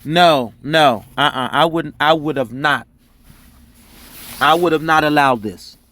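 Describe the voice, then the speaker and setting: A man reacting to courtroom footage, loud and exasperated, yelling and cursing at what he watches. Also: fairly high pitch, measured pace, no echo. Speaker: reaction streamer. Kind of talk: angry live reaction commentary.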